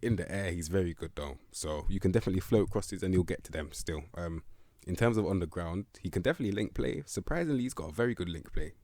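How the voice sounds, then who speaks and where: A man's voice: low voice, expressive, fast, dark tone, no echo. A young man giving blunt, slang-heavy commentary on a football management game. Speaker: gaming video host.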